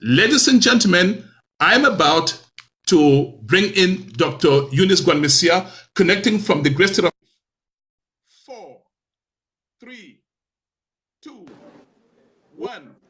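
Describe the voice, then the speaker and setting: Lively man hosting a talk show. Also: sits high, slow pace, pauses often. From Cameroon. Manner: lively, preacherly, rhetorical questions.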